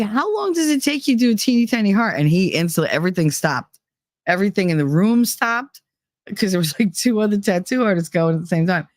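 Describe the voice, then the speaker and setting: Profane storytelling woman, dry close sound. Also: no room sound. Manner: animated, profane, acts out quoted voices with pitch jumps. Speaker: podcast host. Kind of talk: casual storytelling.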